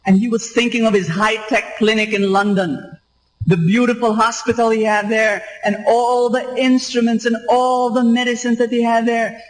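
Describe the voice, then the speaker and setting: A man's voice: extremely high pitch, flat delivery, moderate pace, rough recording. A man preaching a sermon, emphatic and repetitive, asking the congregation rhetorical questions. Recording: radio live stream.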